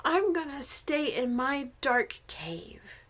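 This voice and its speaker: A woman's voice: high-pitched, very animated, slow, fairly bright tone, heavily acted. A woman voicing a heartbroken sun goddess who stubbornly refuses to leave her cave, pouting.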